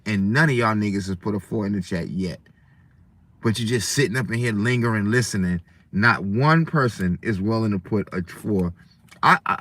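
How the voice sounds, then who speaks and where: A man's voice: on the low side, a bit bright. A man hosting a livestream, talking in a preachy, rambling way and often speaking to his chat. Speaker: livestream host. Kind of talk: casual livestream rant.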